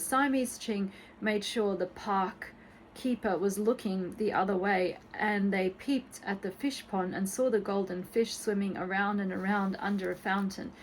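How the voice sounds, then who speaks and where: A woman reading a children's storybook aloud in a gentle, expressive bedtime-story manner. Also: medium pitch, slight background noise, low-quality recording.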